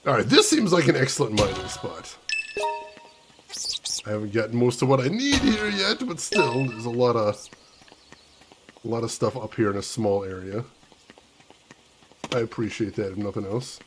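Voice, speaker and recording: A man's voice: medium pitch, big pitch swings, moderate pace, long pauses, music in the background. A man casually commentating a game live stream, chatting with his viewers and laughing often.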